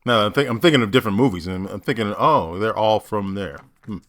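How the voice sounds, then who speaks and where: An American actor reacting to accent clips with animated, joking comments and laughter. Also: male voice, lowish voice, quick pace. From United States.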